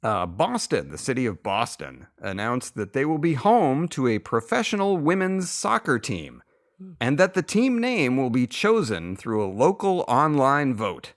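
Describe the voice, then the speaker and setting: Lively, self-amused man reading jokes. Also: mid-range voice, measured pace. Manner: laughs at his own jokes; lively up-and-down delivery. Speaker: podcast co-host. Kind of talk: reading topical joke headlines.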